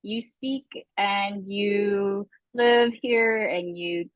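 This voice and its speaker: A woman co-hosting a casual podcast chat, candid and animated, often acting out quotes. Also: mid-range voice, very slow, no echo, lo-fi sound. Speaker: podcast co-host. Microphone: close studio podcast mic.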